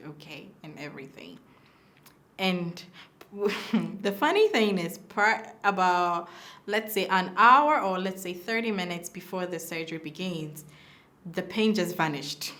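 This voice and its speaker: Animated woman telling a personal story. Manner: animated, acts out quoted dialogue with big pitch swings. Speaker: mother telling her birth story.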